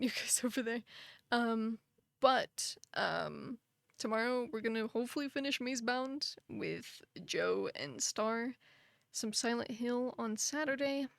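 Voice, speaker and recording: A young woman streams live, chatting casually and sympathetically with her chat, full of fillers and soft laughs. Her fairly high voice is creaky, and she sounds a little tired and out of breath. The recording is dry and studio quality.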